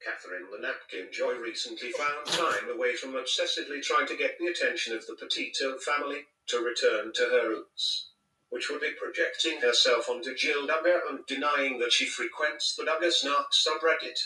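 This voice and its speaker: A man's voice: medium pitch, normal speed. A man voicing a snarky robot cat. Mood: mocking. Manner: mocking, insulting deadpan commentary. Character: snarky sarcastic robot cat narrator, male. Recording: echoey, distant from the mic, played from a video.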